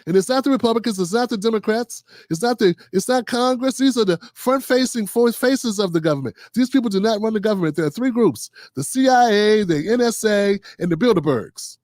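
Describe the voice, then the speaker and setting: A man's voice: sits high, animated, brisk, few pauses, a little mellow, no room sound, studio quality. A middle-aged man hosting a casual political commentary livestream, riffing loosely with slang and quoted voices. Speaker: host.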